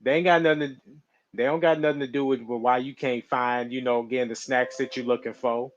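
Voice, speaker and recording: A man's voice: medium pitch, steady tone, brisk. A man chatting casually on a stream, rambling and laughing often. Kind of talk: casual live-stream chat. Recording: slightly dull lo-fi mic.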